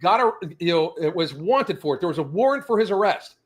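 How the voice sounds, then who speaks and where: A man's voice: high-pitched, animated, a little fast. A man from the South, hosting a casual podcast and ranting with heavy profanity. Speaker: podcast host. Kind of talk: casual rant chat.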